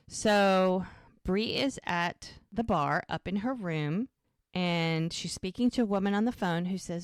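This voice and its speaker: Lively woman recapping a show. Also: fairly low pitch, moderate pace, creaky, no echo, studio quality. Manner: animated retelling, acting out lines with laughs. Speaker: podcast co-host recapping a TV episode. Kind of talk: casual recap chat.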